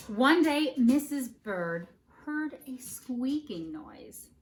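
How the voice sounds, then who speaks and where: Lively woman reading a storybook aloud. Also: high voice, drawn-out words. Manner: animated, playful, asks listeners questions. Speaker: preschool teacher reading aloud. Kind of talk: children's storybook read-aloud. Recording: faint background noise. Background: dog barking now and then.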